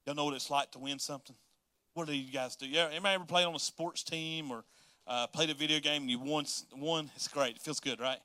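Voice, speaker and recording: A man's voice: fairly high pitch, steady tone, fast talker, sharp tone, no echo. A man preaching a casual, joking sermon, often repeating words as he restarts his sentences.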